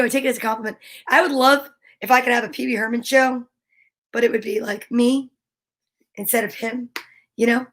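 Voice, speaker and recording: Bubbly woman host, middle-aged, high bright voice, chatty and animated with young viewers. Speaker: host of a children's story-time show. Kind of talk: cheerful chat to kids at home.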